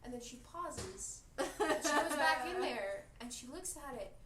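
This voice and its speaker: A woman's voice: high voice, lively intonation, a little slow. A young woman animatedly telling a funny story, laughing as she goes. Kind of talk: comic storytelling. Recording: distant, echoey, with crowd noise.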